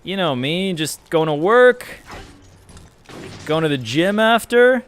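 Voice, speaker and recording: Streaming a game, a man chats loosely with his audience, cursing as he rambles and responds to their messages. His voice sits high and is very animated yet slow, with a fairly bright, clean tone.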